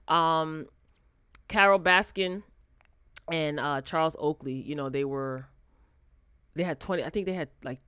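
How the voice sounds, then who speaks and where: A woman hosting a casual pop culture commentary show, animated and sassy, talking straight to her viewers on a close mic. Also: deep voice, no echo. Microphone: close desk mic.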